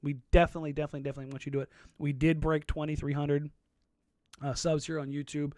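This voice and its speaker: A man's voice: on the high side, flat delivery, a little mellow, no echo, studio quality. A man co-hosting a casual sports podcast, telling rambling stories and laughing easily. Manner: rambling storyteller, quick to laugh. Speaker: podcast co-host.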